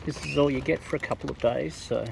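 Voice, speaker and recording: A man's voice: mid-range voice, fairly even intonation, fast talker, creaky. A man with an Australian accent, talking to wild birds outdoors in a teasing, affectionate way. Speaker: bird feeder filming wild birds. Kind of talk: casual talk to birds. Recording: noisy outdoor recording.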